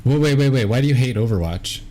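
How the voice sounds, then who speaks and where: A man's voice: mid-range voice, animated, fast talker, crowd noise. A man hosting a gaming livestream in casual chat, talking hesitantly with many ums and restarts. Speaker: streamer host.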